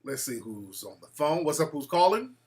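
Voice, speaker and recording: A man hosting a call-in show, telling stories in a boastful, animated way and acting out quotes. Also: a little high, moderate pace. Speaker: show host taking calls.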